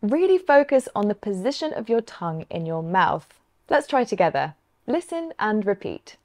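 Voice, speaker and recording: A woman from the south of England with a Southern English accent, explaining pronunciation clearly and encouragingly. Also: medium pitch, very animated, normal speed, a little mellow. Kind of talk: scripted lesson dialogue.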